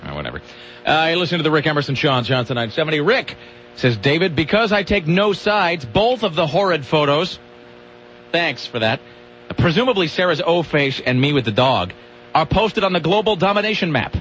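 A man's voice: on the high side, big pitch swings, fairly quick, fairly bright tone, dull audio, a little hiss or hum. A man hosting a radio talk show, joking and rambling through casual banter and laughing often.

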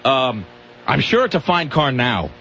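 Rambling, animated male radio host. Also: mid-range voice, unhurried, slight background noise. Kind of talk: casual radio chat. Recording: muffled lo-fi radio broadcast.

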